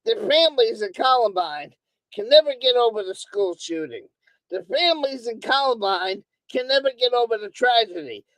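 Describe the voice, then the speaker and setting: A woman's voice: on the high side, lively intonation, moderate pace, no echo, rough recording. A woman streamer on a profane, angry monologue who hammers on the same words again and again. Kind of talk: ranting monologue. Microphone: streaming microphone.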